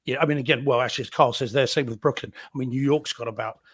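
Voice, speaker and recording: A man's voice: medium pitch, fairly even intonation, quick pace, a bit bright, breathy edge, no echo, clean studio sound. A man from New Zealand co-hosting a casual live-stream chat, chatty and laughing between points. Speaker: podcast co-host.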